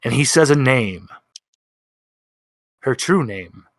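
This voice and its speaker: A man narrating a tabletop role-playing session as game master, telling the story slowly and dramatically and voicing the characters' lines. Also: medium pitch, lively intonation, dry recording, clean studio sound. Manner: slow, dramatic storytelling with voiced quotes.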